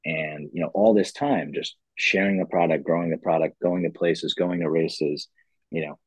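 A company founder appears as a podcast guest, telling his story in a casual interview that rambles earnestly and reflectively, with plenty of "you know" fillers. His voice is low and husky, with a steady tone and moderate pace. The recording is low quality but has no echo.

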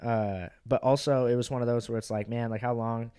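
A man's voice: medium pitch, steady tone, a little fast, mellow, clean tone. Rambling, profane young man. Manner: rambling, profane, filler-heavy. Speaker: podcast host and stand-up comic. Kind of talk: casual chat.

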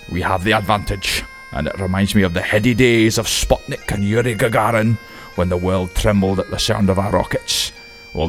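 A man's voice: lowish voice, fairly bright tone, natural voice. A man doing a Sean Connery impression of a stern submarine captain, giving a grave, rousing speech in a put-on Scottish accent. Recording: faint bagpipe music behind.

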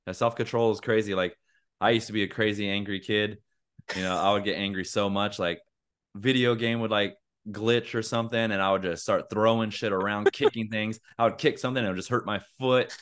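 A man's voice: on the low side, steady tone, a little fast, fairly bright tone, clean tone. A young man co-hosting a podcast in casual chat, earnest and rambling with lots of fillers. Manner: acts out angry quotes in a raised voice. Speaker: podcast co-host.

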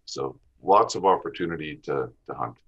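A man's voice: extremely low pitch, moderate pace, slightly rough, dull audio. A Canadian man from the west of the country, a podcast guest talking easily about hunting seasons and terrain. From Western Canada. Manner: easygoing, lists places and seasons. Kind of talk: casual podcast interview.

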